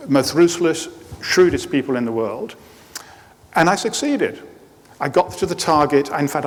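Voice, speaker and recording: Man, middle-aged, mid-pitched coach telling anecdotes to a crowd, voice ringing through a reverberant hall. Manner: anecdotal storytelling with light humor. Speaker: performance coach giving a talk. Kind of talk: presentation to a live audience. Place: lecture hall.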